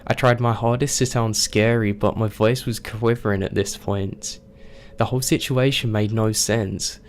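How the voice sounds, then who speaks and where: A man reading a scary story aloud as scripted narration, telling it slowly and with suspense. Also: lowish voice, steady tone, a little hiss or hum.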